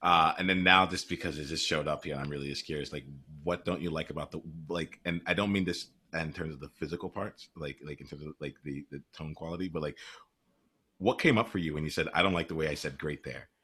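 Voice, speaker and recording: A man with a very deep, husky voice leads a live coaching session. He asks curious, probing questions, circling back with fillers and restarts as he thinks aloud. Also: fairly quick, pushed and bright. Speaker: life coach.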